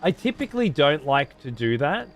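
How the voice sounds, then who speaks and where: A man's voice: fairly high pitch, sing-song, moderate pace. A man giving casual gameplay commentary as a streamer, profane and sarcastic.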